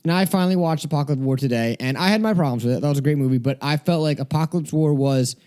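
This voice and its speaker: A man's voice: on the high side, very fast, dark tone, clear, resonant tone. A man co-hosting a casual comics podcast, rambling, cursing often and trailing off mid-sentence. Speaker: podcast co-host. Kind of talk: casual chat.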